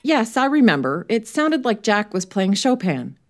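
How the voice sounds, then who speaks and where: A woman's voice: mid-range voice, big pitch swings, moderate pace, voice pushed up, natural voice. A woman voicing an outspoken young woman who bursts into the talk, impatient and eager.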